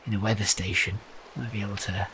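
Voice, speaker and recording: A man playing his character in a tabletop game, measured and wry. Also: lowish voice, little pitch movement, sharp tone, slight background noise. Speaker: player. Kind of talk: in-character tabletop role-play.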